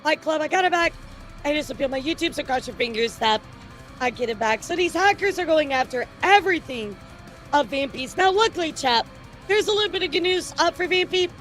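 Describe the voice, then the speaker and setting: A woman with a bright, high voice hosts a casual livestream news segment. She talks loosely to her chat, teasing and laughing often. Soft music plays faintly underneath. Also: expressive, a little fast. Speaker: streamer and news host.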